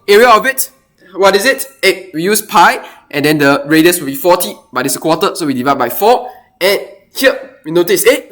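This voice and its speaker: Animated male math teacher. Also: sits high. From Singapore. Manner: animated, thinking aloud with exclamations. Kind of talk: explaining a worked math problem.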